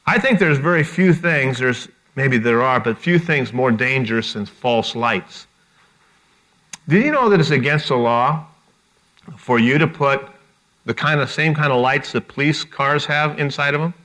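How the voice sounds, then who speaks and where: A middle-aged man preaching a sermon, animated and repeating words as he acts out the people he quotes. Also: medium pitch, measured pace. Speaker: pastor.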